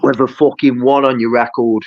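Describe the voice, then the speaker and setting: Swearing nonstop, a young boxer keeps repeating that he's going to win during a heated pre-fight face-off. He speaks at a moderate pace in a mid-range voice with little pitch movement. The audio has a dull, dry, lo-fi sound.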